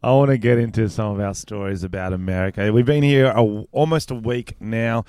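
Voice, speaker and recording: A man's voice: on the low side, brisk, darkish tone, smooth, no echo, studio quality. Cheeky man cohosting. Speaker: podcast co-host. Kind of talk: casual comedic banter.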